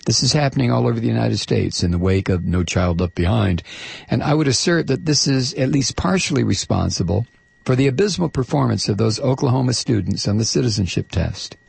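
A man's voice: medium pitch, lively intonation, fairly quick, gravelly, slightly rough. A man hosting a talk show, reading a listener's letter aloud in an emphatic, sarcastic way. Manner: emphatic, sarcastic, stretches key words.

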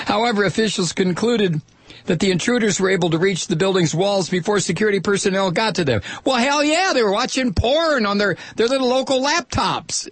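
A man's voice: high voice, big pitch swings, fairly quick, breathy edge, no echo. A middle-aged man hosting a talk radio show, reading out a news story and mocking it with sardonic asides and laughter, close to a studio mic.

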